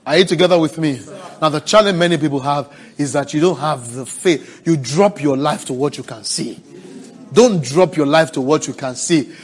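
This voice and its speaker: A man preaching a sermon, asking the congregation for responses and swinging from hushed, drawn-out words to loud cries. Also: fairly high pitch. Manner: preaching with call-and-response, swelling to shouts.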